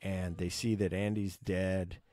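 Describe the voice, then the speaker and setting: A man casually retelling his favorite film scenes, excited and swearing, acting out the characters' lines. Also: low-pitched, measured pace, dry recording. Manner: enthusiastic, swears, acts out quotes. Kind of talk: casual movie recap.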